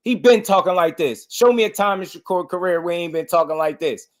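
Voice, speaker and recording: A man's voice: high voice, brisk. Heated man ranting on a boxing stream. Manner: heated, impassioned, repeats his points. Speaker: boxing channel host. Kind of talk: livestream commentary rant.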